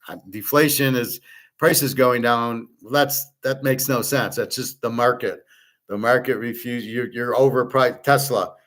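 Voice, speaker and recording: A man's voice: medium pitch, steady tone, unhurried, a bit bright. A middle-aged man hosting his own show, ranting bluntly and scornfully in an opinionated monologue. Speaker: host.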